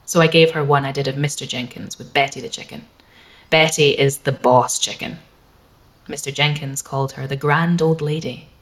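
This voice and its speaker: Low-voiced woman reading plainly. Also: steady tone, normal speed. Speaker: audiobook reader. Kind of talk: first-person storybook narration.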